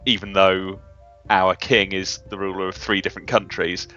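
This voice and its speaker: A man's voice: deep voice, flat delivery, moderate pace, pushed and bright. Man, casual gamer, talks it through thoughtfully; muffled voice chat, faint music behind. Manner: thoughtful, reasons things through at length.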